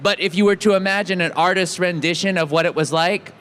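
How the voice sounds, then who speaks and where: A man's voice: high-pitched, steady tone, fairly quick, fairly bright tone. An American man joking and rambling as a guest on a convention panel stage. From United States. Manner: playful, joking, rambling with restarts. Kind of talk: casual convention panel banter. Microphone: handheld mic with stage monitor.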